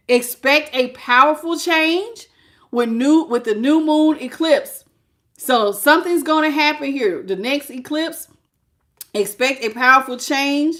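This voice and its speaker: A middle-aged woman reading tarot on a live stream, animated and exclamatory, greeting her viewers by name. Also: high voice, takes it slowly. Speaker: tarot reader.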